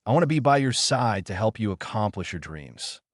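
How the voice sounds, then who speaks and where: A calm young sand fighter who speaks in a level monotone, read by a man. The voice stays low and even in a dry, close storybook reading. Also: normal speed, no room sound. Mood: earnest.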